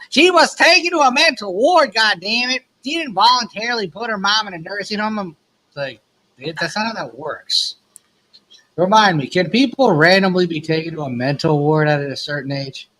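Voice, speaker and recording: A man co-hosting a casual talk show, speaking bluntly and crudely. His voice sits a bit high for a man. He talks in loose, provocative bursts. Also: lively intonation, brisk, pushed and bright, poor audio. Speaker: co-host. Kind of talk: casual chat.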